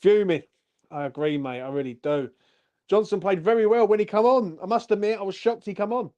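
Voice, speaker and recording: A man's voice: sits high, brisk, a little mellow, highs cut off. A young man, hosting a fan channel's post-match live stream and ranting furiously, with lots of swearing.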